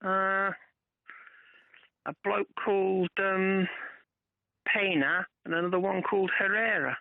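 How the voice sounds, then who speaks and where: Male caller from England on a tinny phone line, high voice, hesitant and chuckling. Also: fairly even intonation, slow pace, gravelly, no echo. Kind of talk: radio phone-in call.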